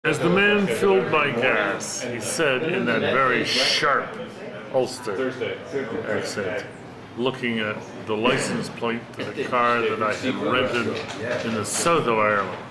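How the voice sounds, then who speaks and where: A man holds forth over dinner in a blunt, argumentative way. His voice sits in an ordinary middle register. A loud crowd of diners fills the background. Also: medium pitch, a little slow. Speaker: dinner guest in conversation. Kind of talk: casual dinner conversation. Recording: noisy restaurant crowd behind.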